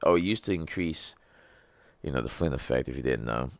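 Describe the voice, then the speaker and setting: A man's voice: rumbling low, expressive, fairly quick, vocal fry, no echo. A man in his thirties hosting a solo podcast, rambling and joking in a loose, profane way. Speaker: podcast host. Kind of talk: casual solo rant.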